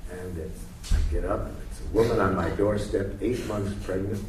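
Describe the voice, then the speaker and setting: A man's voice: deep voice, moderate pace. Man coaching from across an echoey room. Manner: animated storytelling, coaching. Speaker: workshop leader. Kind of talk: teaching workshop, role-play demonstration. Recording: echoey room, distant mic, faint noise.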